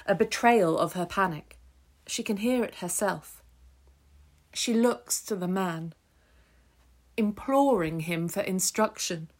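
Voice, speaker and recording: A woman narrating an audiobook extract in a measured, descriptive storytelling manner. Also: mid-range voice. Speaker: audiobook reader. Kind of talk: scripted narration.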